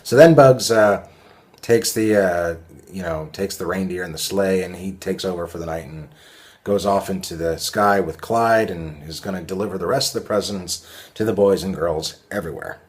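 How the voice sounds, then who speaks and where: A man's voice: deep voice, normal speed, darkish tone. A man reviewing cartoons in a casual, rambling way, full of fillers and sarcastic asides.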